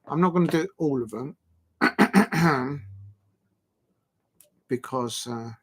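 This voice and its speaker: A man's voice: on the high side, slow pace, a bit bright, slightly rough. A man hosting a casual live stream, rambling and joking, with the odd mock moan. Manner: rambling, jokey, prone to mock moaning.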